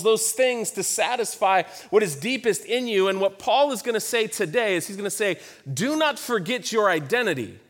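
A man's voice: high voice, fairly bright tone. A man in his thirties preaching a sermon, telling a personal story in a conversational way with emphatic repetition. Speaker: pastor.

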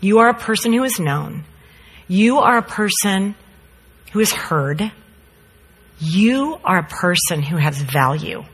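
A woman's voice: medium pitch, slow, long pauses, husky. A woman, a mother, telling a story in a sermon and acting out quotes. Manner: animated storyteller, acts out quotes. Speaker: speaker, mother. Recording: long hall reverb.

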